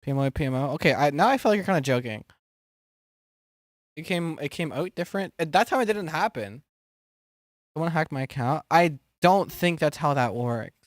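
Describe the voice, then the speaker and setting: A man's voice: a little high, expressive, moderate pace, pauses often, dry recording, clean studio sound. A man streaming live, chatting casually with his viewers, rambling with fillers and giggling often.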